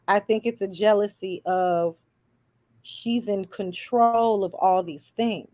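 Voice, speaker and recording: Sassy woman chatting reality tv, blunt and slangy, mid pitch, dry sound. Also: measured pace, dark tone, no echo. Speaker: podcast co-host. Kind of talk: casual recap chat.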